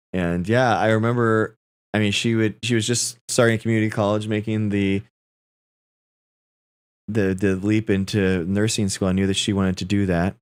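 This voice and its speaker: A man's voice: lowish voice, clean tone, no echo. A man in his thirties, a livestream host, chatting casually and telling rambling personal stories to his viewers. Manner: rambling storytelling, addressing viewers as guys.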